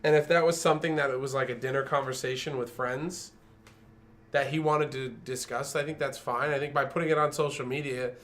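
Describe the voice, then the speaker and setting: A man's voice: medium pitch, steady tone, a little fast, fairly bright tone, a little hiss or hum. Earnest opinionated podcast man. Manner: earnest, opinionated, restarts sentences. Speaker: podcast co-host. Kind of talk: casual chat.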